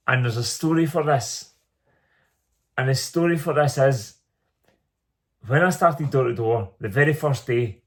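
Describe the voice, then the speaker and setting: A man telling his own story in an earnest, reflective monologue, repeating phrases for emphasis. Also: medium pitch. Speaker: small business owner telling his story.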